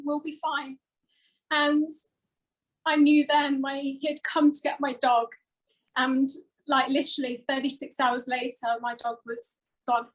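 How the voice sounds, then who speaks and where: A woman co-hosting a talk show, telling a heartfelt personal story with many pauses and fillers. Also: sits high, fairly bright tone, poor audio. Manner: earnest, emotional, rambling with many fillers.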